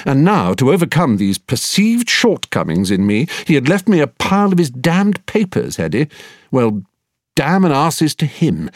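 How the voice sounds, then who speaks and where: A man's voice: mid-range voice, dry recording, studio quality. A man reading a first-person story aloud in a droll, wry storytelling manner. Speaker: narrator. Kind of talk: scripted audiobook narration.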